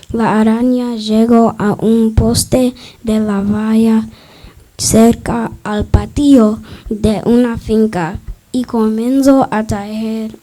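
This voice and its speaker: A woman reading a children's picture book aloud at a school festival, slow and careful. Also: a little high, dark tone, poor audio.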